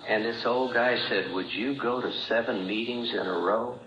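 A man's voice: medium pitch, moderate pace, hardly any pauses, slight background noise. A man sharing his recovery story at a meeting, plain-spoken and acting out remembered dialogue. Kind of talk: personal testimony at a recovery meeting. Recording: roomy, dull old talk recording.

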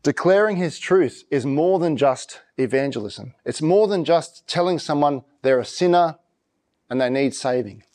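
A pastor preaching a conversational sermon, reading scripture slowly and with emphasis. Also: male voice, a little high, expressive, a little mellow.

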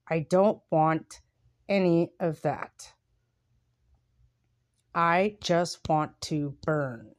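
A woman hosting a podcast, talking softly and reflectively with pauses, then reading her own writing aloud. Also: low-pitched, dry recording, clean studio sound. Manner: soft, unhurried and reflective, with pauses. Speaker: podcast host.

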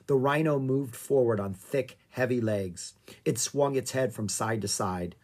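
An audiobook reader narrates a children's adventure book without hurrying, in a soft, breathy, medium-pitched voice. The telling stays calm and even throughout.

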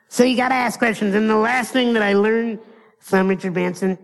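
A motivational speaker from the United States giving an animated live keynote, asking his audience rhetorical questions and acting out little scenes. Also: sits high, brisk, in a large hall, low-quality recording.

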